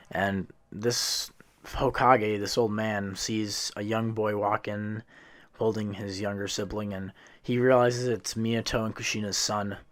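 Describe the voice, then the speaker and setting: Man rambling through a story. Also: on the low side. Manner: loose, rambling retelling with frequent restarts and self-corrections. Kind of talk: casual fan-fiction narration.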